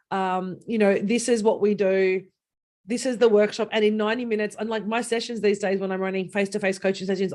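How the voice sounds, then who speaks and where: An animated woman co-hosting a casual chat on a video call, acting out quoted voices and laughing. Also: medium pitch. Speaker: co-host.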